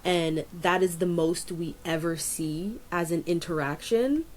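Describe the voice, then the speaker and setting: A woman co-hosting a podcast in casual chat, rambling with many fillers and jumping up in pitch to stress a point. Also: a little slow, a little mellow. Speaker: podcast co-host.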